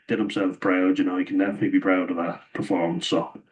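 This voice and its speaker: A young Irish man talks through his rugby picks in a low, level voice that rarely rises or falls. He is chatty and opinionated, laughing as he goes, and his voice sounds a bit hoarse. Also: little pitch movement, quick pace, dull audio, slight background noise. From Ireland. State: slightly hoarse, losing voice. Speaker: rugby pundit vlogger. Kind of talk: casual rugby commentary.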